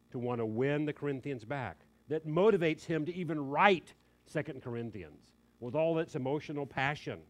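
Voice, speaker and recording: A man preaching a sermon, emphatic and animated, dropping in quick joking asides. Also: medium pitch.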